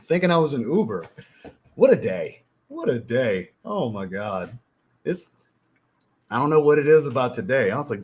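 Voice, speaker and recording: A man hosting a fragrance livestream, chatting casually, telling profane, animated stories and reading out chat messages. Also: mid-range voice, normal speed. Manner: animated, profane storytelling, reads chat aloud. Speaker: livestream host.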